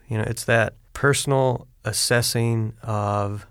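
A man's voice: fairly low pitch, level tone, moderate pace, no echo, clean studio sound. A man in a theology discussion, reflecting aloud and thinking through ideas. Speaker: discussion participant.

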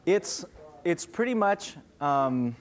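A man's voice: high-pitched, big pitch swings, slow pace. A young man giving a casual question-and-answer sermon as a pastor, talking conversationally and often checking in with "okay?".

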